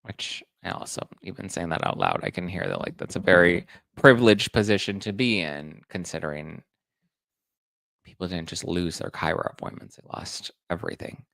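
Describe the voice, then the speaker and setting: Chatty gossip host with gravelly low voice. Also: male voice, sing-song, normal speed, a bit bright, dry recording, studio quality. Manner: chatty, reads audience comments aloud. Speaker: podcast host. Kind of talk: casual pop-culture gossip chat.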